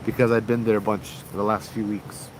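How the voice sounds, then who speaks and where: A man's voice: on the low side, little pitch movement, a little fast, noisy background. A man with a Hawaiian Pidgin accent hosting a casual livestream, telling stories and reading out viewer comments. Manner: chatty, reads viewer comments aloud, frequent "right?". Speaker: paranormal show host.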